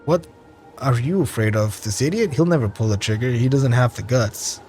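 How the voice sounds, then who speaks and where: A man's voice: medium pitch, normal speed, darkish tone, faint music behind, close to an everyday voice. A man voicing a drunk, boastful teenage boy in a survival game story, mocking and boozy.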